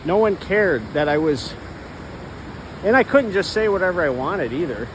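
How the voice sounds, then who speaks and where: A man rambling in a casual walk-and-talk monologue on a trail, halting and restarting often, recorded on a phone. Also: sits high, lively intonation, background noise. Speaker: vlogger. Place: outdoors on a trail.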